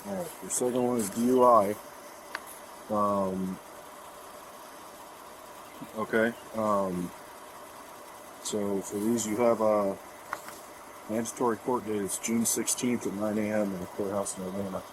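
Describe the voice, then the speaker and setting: Cop guy going over the tickets, businesslike, lowish voice, lots of street noise on the bodycam. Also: measured pace, pauses often. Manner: matter-of-fact, businesslike. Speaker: police officer. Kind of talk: explaining citations to a driver. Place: roadside outdoors. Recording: noisy outdoor body camera audio.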